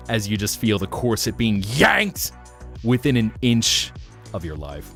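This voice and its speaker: A man chatting casually on a live stream, playful and animated, swearing and laughing often. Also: on the low side, measured pace, soft background music. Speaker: VTuber streamer.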